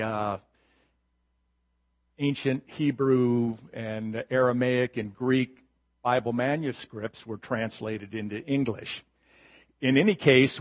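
Slow, measured male pastor. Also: mid-range voice, lo-fi sound. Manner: slow, measured, with gentle humor. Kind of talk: sermon.

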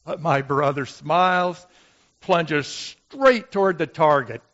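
Man doing a humble biblical brother, reflective monologue, slow, a bit high, lo-fi. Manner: slow, musing, pleading gently. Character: gentle brother of Moses, who made the golden calf, humble and reflective. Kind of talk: dramatic monologue.

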